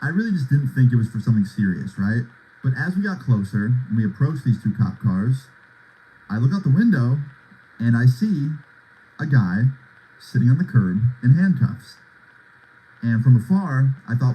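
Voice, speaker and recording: A man's voice: medium pitch, lively intonation, fairly quick, dark tone, slightly rough, poor audio. A young man in his twenties telling a story on a livestream in laid-back, slangy talk full of "like" and "bro". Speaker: livestream host.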